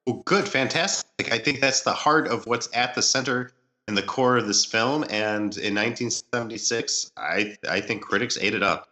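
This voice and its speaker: A man co-hosting a movie podcast who works as a screenwriter and thinks out loud in long, earnest explanations. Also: mid-range voice, normal speed. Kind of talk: casual movie chat.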